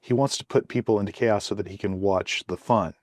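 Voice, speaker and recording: Low-voiced man chatting with many fillers. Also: a little mellow, dry recording, studio quality. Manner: halting, many fillers and restarts. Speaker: podcast co-host. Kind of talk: casual chat.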